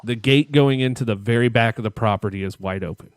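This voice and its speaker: Talking fast in a medium-pitched voice, with a little hiss or hum in the audio, this man co-hosts a podcast. He rambles through a long, profane story from his childhood, laughing at himself in casual storytelling chat.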